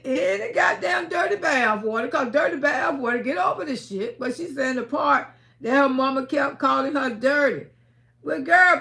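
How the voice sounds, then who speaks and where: Livestream host, woman, high and gravelly, emphatic storyteller. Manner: emphatic, swings between hushed and shouting.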